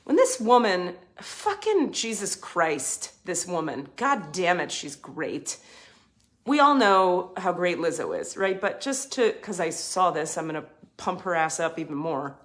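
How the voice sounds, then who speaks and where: A woman hosting a casual spiritual talk, passionate and blunt, swearing freely and swinging between emphatic points and softer asides. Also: on the low side, sing-song, unhurried. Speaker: spiritual advice host.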